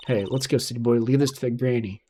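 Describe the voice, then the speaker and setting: A man's voice: mid-range voice, steady tone, fast, warm tone, a little hiss or hum, natural voice. A man reading the part of a brash, blunt-talking country woman photographer in a game, in folksy phrasing.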